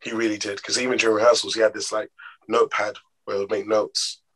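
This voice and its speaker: An actor being interviewed, telling stories expressively and acting out the dialogue. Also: male voice, fairly low pitch, quick pace, breathy edge, poor audio. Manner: expressive, acts out quoted dialogue. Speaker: actor guest. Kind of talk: animated storytelling in an interview.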